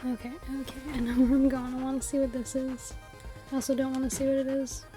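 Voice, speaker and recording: A woman streamer chats casually over her game on a desktop mic, playful and quick to giggle, humming along to the tune. Her voice sits high, with a soft, mellow tone rather than a bright one. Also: flat delivery, soft background music. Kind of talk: casual let's-play commentary. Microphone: desktop USB mic.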